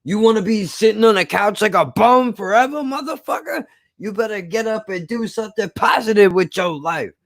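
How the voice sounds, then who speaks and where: A shouting, hectoring motivational speaker, put on by a man in a raised, strained voice well above his own. He barks orders at the listener like a bad pep-talk commercial. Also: sits high, fairly quick, gravelly, voice pushed up. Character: loud pushy male motivational speaker.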